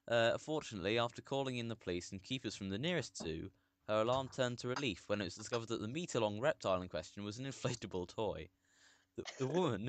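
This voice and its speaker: A man at a middling pitch co-hosts a casual podcast, reading out a news story and laughing through his own words. His voice sits in a dry, close recording with no room sound. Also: no room sound. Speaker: podcast co-host.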